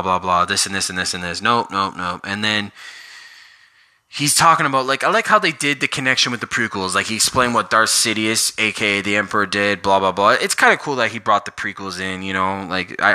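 Sharp-voiced man ranting casually. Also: fairly low pitch. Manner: rambling, filler-heavy, exasperated. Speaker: vlogger reviewing a movie. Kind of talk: casual rant.

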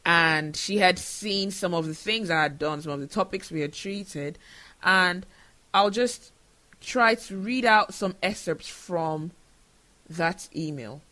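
A man's voice: high-pitched, takes it slowly, pushed and bright. A man from Nigeria, hosting a solo podcast and talking in an earnest, emotional way. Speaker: show host.

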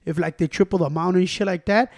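Fast, high-voiced profane man. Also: fairly even intonation. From Chicago area, USA. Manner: profane, teasing, rambling. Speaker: podcast co-host. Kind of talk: crude casual chat.

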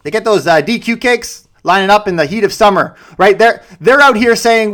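A young man, a realtor giving daily market commentary in an animated way with joking asides. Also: high voice, normal speed, few pauses. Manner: animated, joking asides, playful self-mockery.

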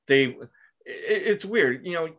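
A man's voice: on the high side, animated, takes it slowly, fairly bright tone. A man hosting a casual podcast chat, telling long profane stories and laughing at them. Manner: rambling, profane, laughs at his own stories. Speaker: podcast host. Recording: dull lo-fi sound.

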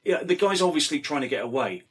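A man's voice: fairly high pitch, sing-song, fast, a bit bright, breathy edge. A middle-aged man telling a rambling anecdote, casually swearing and full of fillers. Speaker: storyteller.

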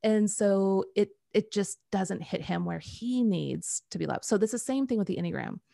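Middle-aged woman coach, kinda gravelly low voice, animated storytelling, dry close mic. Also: normal speed, dry recording. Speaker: Enneagram coach. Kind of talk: conversational podcast talk.

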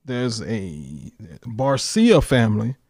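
A man's voice: medium pitch, very animated, takes it slowly, vocal fry, a little mellow, no room sound, clean studio sound. A man co-hosting a podcast in casual chat, blunt and profane, reading out facts. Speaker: podcast co-host.

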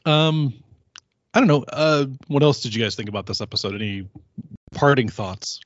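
A podcast host chats casually, rambling, correcting himself and laughing often. His mid-range voice is animated and moves at a normal speed, and the podcast audio is dry with no echo, though slightly muffled.

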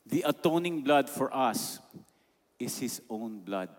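Emphatic Filipino preacher in a reverberant hall. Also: male voice, mid-range voice, expressive, takes it slowly. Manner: emphatic, mixes in Tagalog phrases. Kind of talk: sermon. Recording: long reverb of a large hall.

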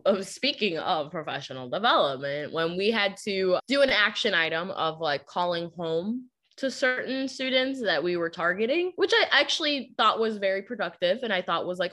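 A young adult woman teacher co-hosting a podcast in casual chat, animated and laughing, sometimes putting on a sweet phone voice. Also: lowish voice, normal speed, hardly any pauses.

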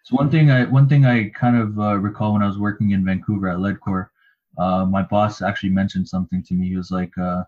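A man's voice: lowish voice, fairly even intonation, brisk, narrow, tinny audio. A man co-hosting a casual talk show, reflective and rambling with fillers. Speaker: podcast co-host. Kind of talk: casual chat.

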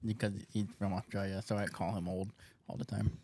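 A man's voice: on the low side, level tone, brisk, a little mellow, breathy edge. A man co-hosting a casual podcast, easygoing and sure of himself. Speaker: podcast co-host. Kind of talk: casual chat.

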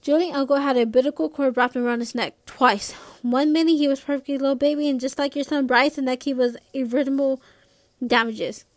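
A young woman reading aloud as an older grandfather who speaks calmly and firmly. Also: a little high, fairly quick, no echo, lightly acted. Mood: steady. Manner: steady and firm. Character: older grandfather, calm, firm and principled.

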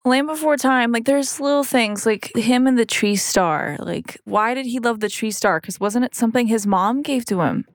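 A woman's voice: a little high, moderate pace, hardly any pauses, dry recording, clean studio sound. A young woman co-hosting a podcast in casual chat, talking freely with lots of fillers and getting emotional. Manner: chatty, full of fillers, gets emotional. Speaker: podcast co-host.

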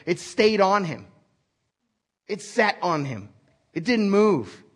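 A pastor, male, engages his congregation with frequent direct questions during an animated sermon delivered in a conversational style. His voice is on the higher side, with a breathy, husky quality.

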